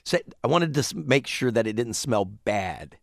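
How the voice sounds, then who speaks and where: Male talk-show co-host, gravelly, meandering storytelling, close dry mic. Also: medium pitch, animated, moderate pace, no room sound. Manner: rambling storyteller, chuckles often. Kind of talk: casual chat, retelling a news story.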